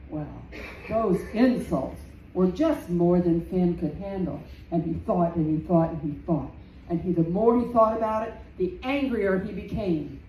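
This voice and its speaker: A woman storyteller telling a folktale live in a community center room, slow and dramatic, repeating phrases for effect. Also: on the low side, dark tone. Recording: roomy, distant, faint background noise.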